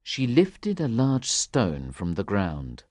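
A woman narrating a storybook in a calm, measured way. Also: a bass voice, no echo, studio quality. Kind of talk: storybook reading.

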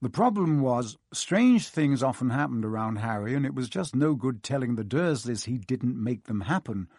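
A man reading an audiobook with lively, expressive narration. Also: medium pitch, normal speed, no echo, studio quality.

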